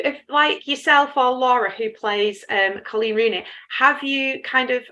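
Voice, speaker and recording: A woman interviewer with a fairly high, bright, forceful voice. She asks her questions in a relaxed, chatty way and keeps the talk going with quick affirmations. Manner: warm, encouraging, with frequent affirmations and laughs. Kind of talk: casual interview chat.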